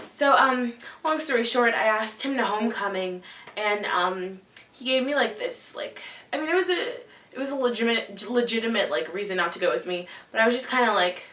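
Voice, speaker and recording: Teen girl vlogging, kinda high voice, says like and um a lot, rambly, echoey room, mic far off. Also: fairly quick, fairly bright tone. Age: late teens. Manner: rambling, full of "like" and "um". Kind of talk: casual storytelling to camera.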